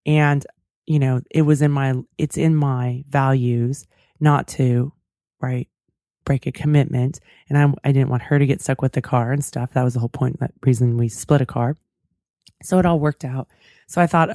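Mellow-voiced woman telling a story. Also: a bass voice, fairly even intonation, normal speed, no echo, studio quality. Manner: chatty and reflective, with many fillers and asides. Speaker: podcast host. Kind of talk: casual storytelling monologue.

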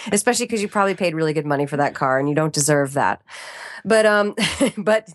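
A woman voiceover artist chatting as a podcast guest, animated and playful with quick asides. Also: low voice. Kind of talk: casual chat.

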